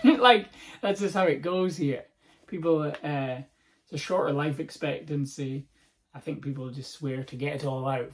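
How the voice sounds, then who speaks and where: A Scottish man hosting a podcast, telling a comic story in a sweary, animated, rambling way. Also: a little high, moderate pace. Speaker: podcast host. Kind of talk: comedic storytelling monologue.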